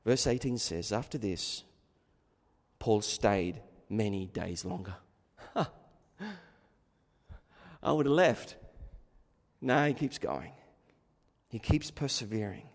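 Slow, fervent preacher in an echoing hall. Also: male voice, on the low side, expressive. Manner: swings from quiet musing to loud fervent exhortation. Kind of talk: expository sermon.

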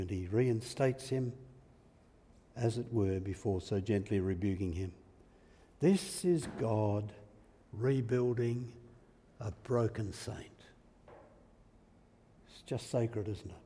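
A man's voice: fairly low pitch, slow, pauses often, mellow, husky. A male preacher giving a sermon in a church, reflective in manner and asking the listeners rhetorical tag questions. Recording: echoey hall reverb.

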